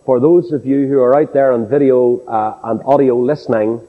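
A man with a Northern Irish accent preaching a sermon, telling stories with folksy asides and dropping from high exclaims to low confiding tones. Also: fairly even intonation, normal speed. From Northern Ireland. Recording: dull lo-fi tape in a reverberant hall.

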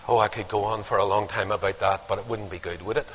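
A man preaching a sermon, telling stories with lively acted-out voices. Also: fairly low pitch, fairly quick, breathy edge. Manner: animated storytelling, acting out voices. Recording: long hall reverb.

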